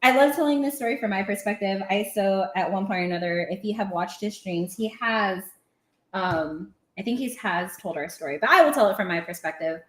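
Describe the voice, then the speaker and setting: Animated woman telling a story. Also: mid-range voice, brisk, echoey room. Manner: animated, laughing, acting out quotes. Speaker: podcast guest. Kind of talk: casual storytelling.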